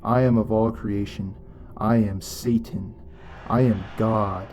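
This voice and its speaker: A man voicing a raving young man who proclaims himself a god, in a slow, menacing delivery. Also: lowish voice, steady tone, darkish tone, soft background music.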